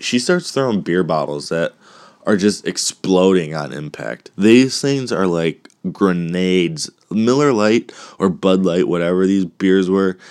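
Low, slow-talking coughing man. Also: darkish tone, no room sound, clean studio sound. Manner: rambling, profane and joking. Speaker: movie recap host. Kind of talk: casual movie recap.

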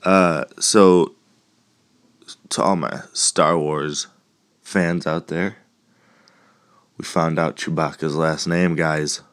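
A man's voice: a bass voice, steady tone, slow pace, long pauses, fairly bright tone. A man hosting a casual solo podcast, rambling and joking, with a lingering cough. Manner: joking, rambling, laughs at own puns. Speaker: podcast host.

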